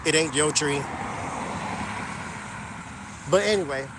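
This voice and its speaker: A man telling a story to his viewers in an animated, gossipy and emphatic way. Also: on the high side, slow pace, background noise. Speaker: vlogger. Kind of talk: casual storytelling to camera.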